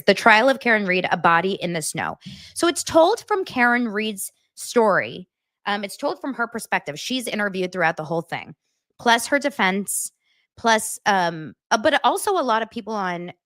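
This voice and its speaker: A woman hosts a casual commentary chat, rambling from one aside to the next in a chatty, animated way, swearing now and then. Her voice sits at a middle pitch. The recording is dry with no room sound. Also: dry recording. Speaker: host.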